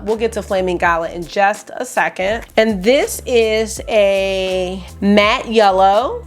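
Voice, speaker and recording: A woman vlogger chatting excitedly through a makeup swatch review, rambling with lots of asides. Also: medium pitch. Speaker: beauty vlogger.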